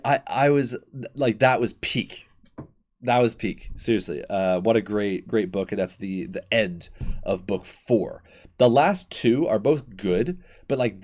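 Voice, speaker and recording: Excitable young man retelling history. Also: fairly low pitch. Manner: excited, rambling storytelling with frequent fillers and restarts. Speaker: podcast host. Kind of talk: casual history chat.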